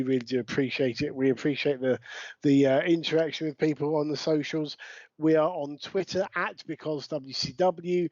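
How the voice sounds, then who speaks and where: A man's voice: fairly high pitch, a little mellow, no room sound. A man co-hosting a casual podcast chat, rambling with fillers and restarts. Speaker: podcast co-host. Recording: dull lo-fi dry sound.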